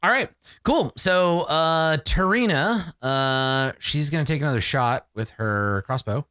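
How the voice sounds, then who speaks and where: Man, game master, animated narration, laughs a lot, dry close mic. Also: on the high side, unhurried, smooth, no echo. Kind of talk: running a tabletop game online.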